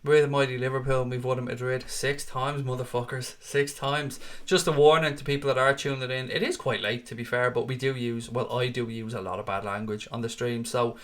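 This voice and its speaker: A man's voice: medium pitch, steady tone, fairly quick, hardly any pauses. Dublin Irish man in his thirties, chatty. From Ireland. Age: 30s. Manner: chatty, swears freely, calls viewers mate. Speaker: watchalong host. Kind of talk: casual live stream chat reading comments.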